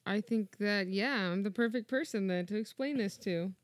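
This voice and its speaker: A woman guesting on a podcast, answering her husband in a dry, teasing deadpan. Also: mid-range voice, moderate pace, no echo. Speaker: guest, host's wife. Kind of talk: casual comedic podcast banter.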